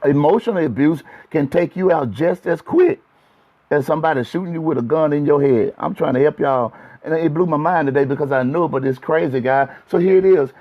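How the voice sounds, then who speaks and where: A man's voice: a little high, brisk. A man, a pastor, giving a casual livestream sermon talk, chatty and repetitive, speaking straight to his viewers. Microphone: phone livestream. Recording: dull lo-fi phone stream.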